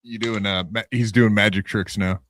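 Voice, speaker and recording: A man's voice: on the low side, steady tone, normal speed, a bit bright, slight background noise. A man co-hosting a podcast, teasing and joking with his co-host in casual banter. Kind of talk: casual chat.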